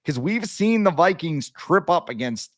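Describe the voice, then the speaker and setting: A man's voice: on the high side, unhurried, no room sound. A young man co-hosting a casual sports podcast, talking animatedly and joking around. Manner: animated, jokey, acts out quoted voices. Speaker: podcast co-host.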